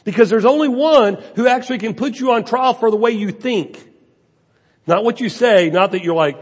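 A man's voice: sits high, fairly quick. A man preaching a sermon as a pastor, with rhetorical questions and emphasis that rises and falls. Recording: long hall reverb.

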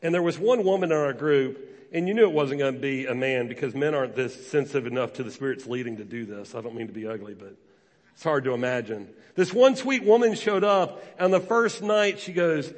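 In a church sanctuary, a man with a mid-range voice preaches a sermon a little quickly, animatedly telling stories and acting out quotes. The recording carries the long reverb of a large hall.

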